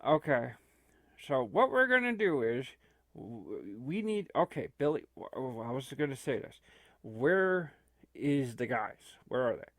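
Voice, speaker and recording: Brief: man doing a stammering old man in a panic, lively swooping pitch, bone-dry sound. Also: a little slow, no room sound. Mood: urgent. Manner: rambling, stammering. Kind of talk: comic improvised role-play.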